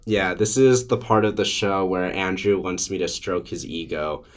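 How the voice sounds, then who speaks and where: A man's voice: sits low, steady tone, normal speed. A man co-hosting a casual podcast, dry and teasing, laughing often. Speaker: podcast co-host. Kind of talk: casual chat.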